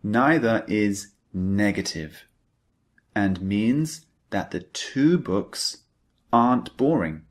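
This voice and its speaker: A man's voice: on the low side, expressive, slow. A man teaching an English grammar lesson, who repeats key points and stresses the target words. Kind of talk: slow, deliberate grammar lecture.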